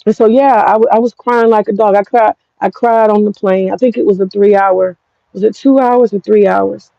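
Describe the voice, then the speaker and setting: A woman's voice: mid-range voice, steady tone, normal speed, gravelly, dry recording, highs cut off. An American woman with an African American English accent, telling a personal story in a frank, profane, rambling vlog. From United States. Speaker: vlogger.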